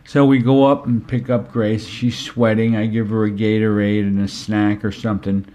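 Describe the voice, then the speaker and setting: A middle-aged man telling a family story as a parenting speaker, conversational and unhurried, often saying "you know". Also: lowish voice, little pitch movement, warm tone. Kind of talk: storytelling talk.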